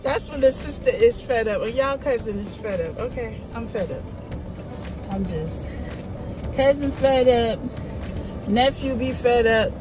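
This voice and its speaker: A woman's voice: fairly high pitch, measured pace, long pauses, over music, rough recording. Chatty storytelling woman vlogger. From New Jersey. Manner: chatty, animated storytelling with playful put-on voices. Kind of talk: casual vlog chat.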